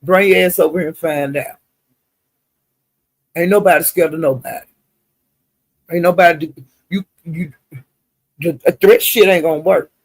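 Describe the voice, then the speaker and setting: A woman's voice: lowish voice, normal speed, pauses often, husky, no echo. An older woman with a Southern US accent, hosting a live stream and ranting in a profane, indignant, emphatic way. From Southern United States. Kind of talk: casual live-stream rant.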